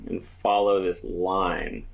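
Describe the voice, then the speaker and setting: A man teaching 3D modeling, calmly talking through each step as he works in a screen-recorded tutorial. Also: sits low, slow pace, gravelly. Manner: relaxed step-by-step explaining while working. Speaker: 3D modeling instructor.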